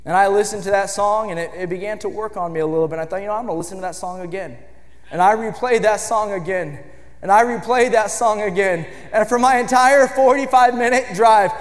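A man preaching a sermon, moving from quiet, measured passages to shouted declarations. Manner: builds from low, measured speech to shouted emphasis. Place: church sanctuary. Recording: church hall with long reverb.

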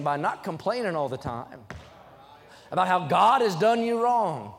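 A young man preaching a sermon in a church, emphatic and rising to loud, fervent peaks, reading scripture aloud between his points. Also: high-pitched, big pitch swings, a little fast, in a large hall. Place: church sanctuary.

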